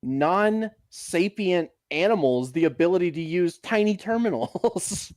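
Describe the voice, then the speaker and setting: A man co-hosting a casual podcast, excitable, laughing often and swearing. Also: sits high, measured pace, dry recording, studio quality. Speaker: podcast co-host. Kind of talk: casual chat.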